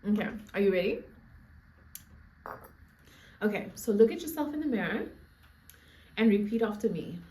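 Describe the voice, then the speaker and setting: A woman's voice: mid-range voice, animated, moderate pace, long pauses, background noise. A young woman with a Namibian accent tells a storytime to her viewers, playful and laughing, with asides to the audience. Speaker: storyteller vlogger. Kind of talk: casual storytime chat. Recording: echoey room.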